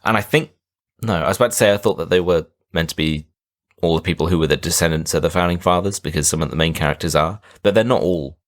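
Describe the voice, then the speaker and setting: A man co-hosting a podcast, rambling through a film recap in casual banter. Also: sits low. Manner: rambling recap with quick silly put-on voices. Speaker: podcast co-host.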